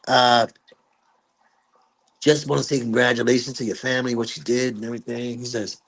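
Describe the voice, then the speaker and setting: A man in an interview telling a story with lively energy, acting out the voices of the people in it. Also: mid-range voice, moderate pace, long pauses. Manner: acts out quoted voices, curses, lively delivery. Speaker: guest musician. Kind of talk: animated storytelling.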